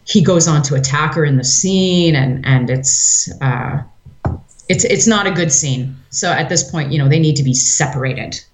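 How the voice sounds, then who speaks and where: A woman co-hosting a podcast in casual chat, telling a story in an animated way and acting out quotes. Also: low voice, moderate pace. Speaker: podcast co-host. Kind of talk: casual chat, retelling an opera plot.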